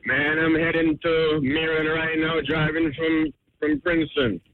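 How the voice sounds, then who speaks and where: A man's voice: a little high, flat delivery, unhurried. A man calling a radio show while driving a truck, telling a prank story in a friendly, laughing way. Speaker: caller. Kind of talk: phoned-in storytelling. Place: truck cab on the road. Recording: tinny phone line from a truck.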